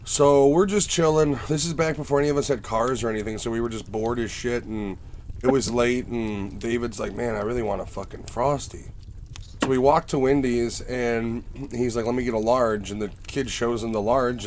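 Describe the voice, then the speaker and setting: A man's voice: medium pitch, moderate pace. Profane storytelling man, faint hiss. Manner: profane, storytelling, animated in anecdotes. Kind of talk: casual chat.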